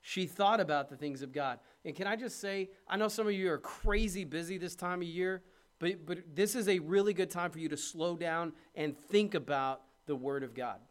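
A man's voice: high-pitched, moderate pace. A man preaching a sermon in a conversational way, building to emphatic peaks. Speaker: pastor.

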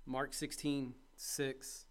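A man preaching a sermon to his congregation, asking them questions directly and moving from quiet reflection to loud, impassioned appeals. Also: medium pitch, little pitch movement, extremely slow.

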